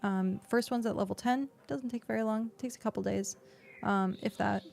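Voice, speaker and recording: A woman's voice: medium pitch, fairly even intonation, moderate pace, vocal fry, darkish tone, slight background noise. A woman streamer chatting casually as she plays and explains a game, with lots of fillers, into a desk microphone. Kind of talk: casual gameplay commentary. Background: faint background music.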